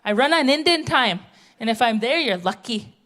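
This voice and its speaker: Woman stand-up, middle-aged, blunt and brash, pitched a bit high, stage mic in a theatre. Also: expressive, normal speed, fairly bright tone, slight background noise. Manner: blunt, brash, tell-it-how-it-is. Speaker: stand-up comedian. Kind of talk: stand-up comedy set. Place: theatre stage, live audience.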